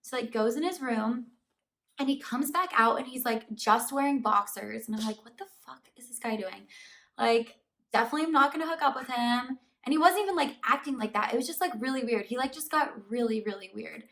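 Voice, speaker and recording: A woman vlogger recounts a story straight to her viewers in a relaxed, chatty storytime style, filling her sentences with "like". Her voice sits a little on the high side. She sounds a bit distant, as if the mic were placed some way off. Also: a little fast. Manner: chatty, fillers of "like" throughout, animated retelling. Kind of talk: casual storytime to camera. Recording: voice somewhat far from the mic.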